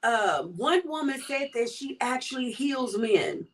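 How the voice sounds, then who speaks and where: A woman's voice: high-pitched, unhurried, recorded from a distance. A woman co-hosting a casual chat show, reading viewer comments and teasing her co-host. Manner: lively, teasing, talks to the audience.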